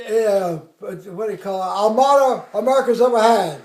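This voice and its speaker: A man in his eighties tells an old army story in a strikingly high voice, rambling and laughing as he acts out the other people's lines. The sound bounces around an echoey room. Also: normal speed, a little mellow. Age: 80s. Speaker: army veteran telling war stories. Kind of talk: casual storytelling at home.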